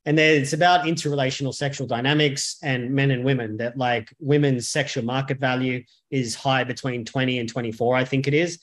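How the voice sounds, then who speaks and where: A man's voice: medium pitch, steady tone, brisk, hardly any pauses. Blunt, profane man. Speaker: men's coach, podcast guest. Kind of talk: podcast interview conversation.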